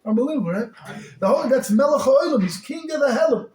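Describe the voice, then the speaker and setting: A rabbi giving an animated sermon that rises to shouts. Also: male voice, very high voice, quick pace, a crowd in the background. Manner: animated, rising to shouts, heavy use of Hebrew and Yiddish terms. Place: synagogue hall. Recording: echoey hall.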